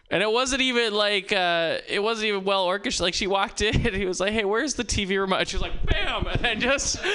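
A man's voice: a little high, bright, forceful tone, smooth. A man doing a rambling stand-up comedy set, interrupting himself and laughing at his own jokes. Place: comedy open mic with live audience.

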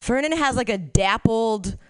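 A woman's voice: fairly high pitch, lively intonation, unhurried, slight background noise. A woman doing a stand-up set, telling crude stories candidly and laughing at her own jokes. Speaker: stand-up comic.

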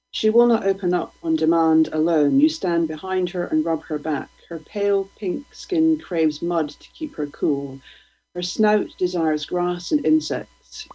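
A woman, a guest poet, reading her poems aloud in a slow, deliberate, provocative way. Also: low voice, slightly rough. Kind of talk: poetry reading. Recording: dull lo-fi radio stream.

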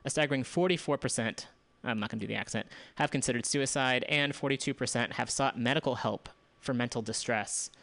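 A man's voice: mid-range voice, fairly even intonation, brisk, gravelly, a bit bright, no echo. A man hosting a community radio show, running through news items in a loose, casual way, with asides and restarts. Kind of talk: casual news roundup and commentary.

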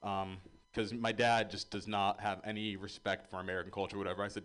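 A man's voice: on the low side, flat delivery, quick pace, hardly any pauses, a bit bright. A man performing a stand-up set, telling self-deprecating stories and slipping into voices. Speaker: stand-up comedian.

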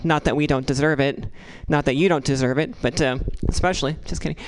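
A woman doing a stand-up comedy set, rambling and halting, with crude asides delivered deadpan. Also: sits low, slight background noise, poor audio.

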